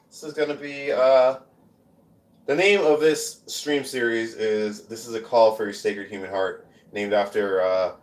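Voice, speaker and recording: A man performing his spoken word poetry on a live stream, with casual rambling talk between the poems and chanted, repeated lines within them. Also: lowish voice. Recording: roomy echo.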